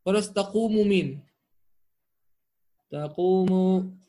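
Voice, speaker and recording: A man's voice: high voice, measured pace. A man teaching Arabic grammar online, drilling word forms and checking in with his students often.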